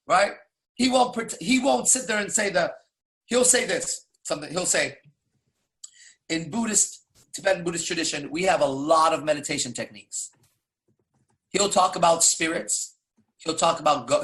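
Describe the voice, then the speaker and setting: A man's voice: sits high, creaky, a bit bright. A man coaching in a blunt, profane casual monologue, firing off rhetorical questions. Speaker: dating coach.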